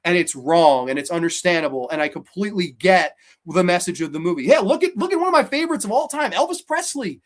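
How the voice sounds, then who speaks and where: A man hosting a horror show, ranting in a casual, profane, sarcastic way, swinging between loud outbursts and low muttering. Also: lively intonation, fast. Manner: mocks characters in silly voices. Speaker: horror podcast host. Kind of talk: casual ranting movie review.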